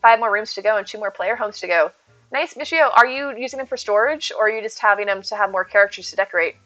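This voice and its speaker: A young woman chats on a live stream in a bright, somewhat high voice, thanking viewers and answering chat with giggly asides. Her audio is dry and a little dull and lo-fi. Faint game music plays behind her. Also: fast talker, no room sound. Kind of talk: casual live-stream chat, reading chat aloud.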